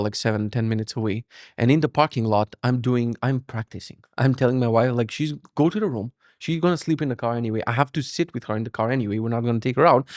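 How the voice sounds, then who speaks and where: A man's voice: mid-range voice, dry recording, studio quality. A young man hosting a podcast, telling a story casually, swearing a lot and acting out voices. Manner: swears a lot, animated, acts out voices for laughs. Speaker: podcast host.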